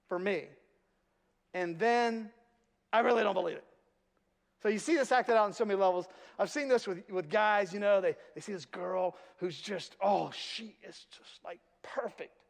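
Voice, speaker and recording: High-voiced male pastor in a reverberant hall. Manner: storytelling, self-deprecating humor. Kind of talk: sermon. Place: church sanctuary.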